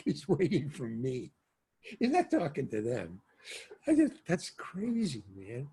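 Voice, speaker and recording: An older man being interviewed about his acting work, telling stories in a loose, animated way and acting out the dialogue, sometimes with a curse. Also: a little high, measured pace, husky. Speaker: actor interviewee. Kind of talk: casual anecdotal storytelling.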